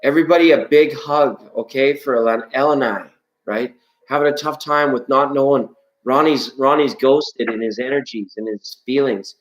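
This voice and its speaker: A man's voice: mid-range voice, steady tone, normal speed, faint music behind. Playful man in an echoey room. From Canada. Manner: playful, chatty, breaks into sung scales. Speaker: live-stream tarot host. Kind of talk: casual live-stream chat reading viewer comments.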